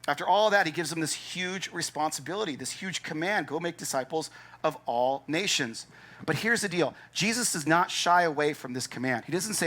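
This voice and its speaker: A man's voice: a little high, moderate pace. A man preaching a sermon as pastor, emphatic and conversational, acting out his listeners' doubts. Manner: animated, acts out doubting listeners' thoughts.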